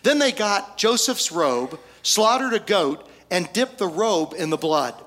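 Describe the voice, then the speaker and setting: A male pastor preaching a storytelling sermon, folksy, with humorous asides and pauses for effect. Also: high-pitched, animated, a bit bright.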